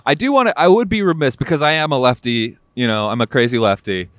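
A man's voice: mid-range voice, fast talker, no room sound, clean studio sound. A man co-hosting a podcast, joking sarcastically and laughing often in casual talk. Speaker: podcast co-host. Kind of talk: casual political chat.

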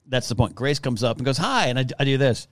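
A man's voice: medium pitch, quick pace, slight background noise. A man telling party stories in a casual podcast chat. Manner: animated anecdotes with acted-out quotes. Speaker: podcast guest.

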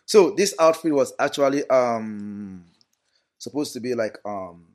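A man, a content creator chatting as a guest in a relaxed, rambling way with many fillers. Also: mid-range voice, unhurried. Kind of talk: casual interview talk.

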